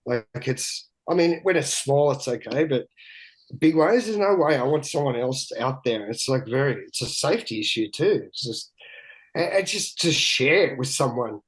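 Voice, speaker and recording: A big-wave surfer appears as a guest, telling candid stories in a rambling, profane manner with many restarts. His mid-range voice has lively intonation at a normal pace, though the audio is poor.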